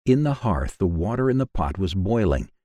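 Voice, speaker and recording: A man narrating a children's fairy tale in a measured, expressive way. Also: low voice, dry recording. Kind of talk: storybook narration.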